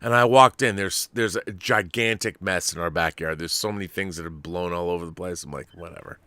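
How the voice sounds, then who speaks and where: A man hosting a podcast, telling a rambling, animated story in casual chat. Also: low-pitched, brisk, no room sound, studio quality. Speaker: podcast host.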